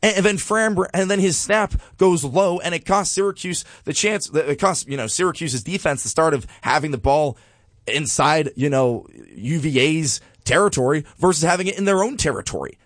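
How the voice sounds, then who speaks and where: A man co-hosting a sports podcast, giving exasperated, animated commentary and repeating a refrain. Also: a little high, moderate pace, dry recording.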